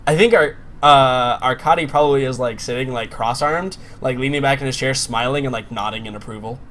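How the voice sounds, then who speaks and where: A man player in a casual tabletop game, describing his character in a relaxed, low-key way. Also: a little fast, a little hiss or hum.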